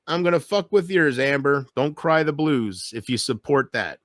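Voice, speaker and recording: Man ranting to camera, taunting, lurches between loud and muttered, slightly high voice, dry and close. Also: animated, moderate pace, hardly any pauses, no echo. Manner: bitter, taunting, swings from loud outbursts to low mutters. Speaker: vlogger.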